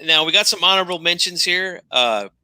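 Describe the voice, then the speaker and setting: Man, wrestling talk host, animated storyteller, very bright sharp tone, dry close sound. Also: high-pitched, fairly quick, clean tone, dry recording, low-quality recording. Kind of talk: casual chat.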